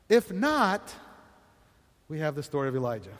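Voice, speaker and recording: A man's voice: sits high, lively intonation, normal speed, in a large hall. A man preaching a sermon as pastor, conversational, often laughing and asking the congregation questions.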